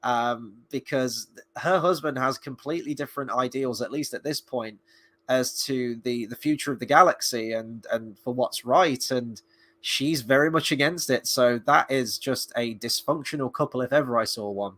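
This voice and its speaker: An eager, opinionated man talking through his thoughts on a show in a relaxed live-stream review. His voice sits at an ordinary middle pitch and he thinks aloud as he goes. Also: moderate pace. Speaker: film and TV reviewer.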